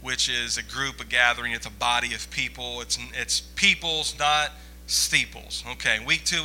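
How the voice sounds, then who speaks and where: A man's voice: medium pitch, bright, forceful tone, poor audio. A man preaching a sermon as pastor, conversational and joking with the congregation. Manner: joking, conversational, audience-teasing.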